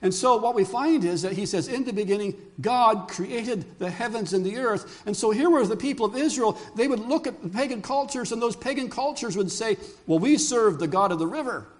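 Older male pastor, high voice, animated sermon storyteller who quizzes the congregation. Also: a little fast, hardly any pauses.

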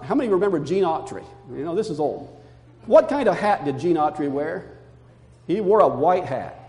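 An older man, a pastor, delivering an animated sermon with emphatic storytelling, in a church. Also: on the high side, normal speed. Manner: emphatic, animated storytelling, calming to soft reflection. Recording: long hall reverb.

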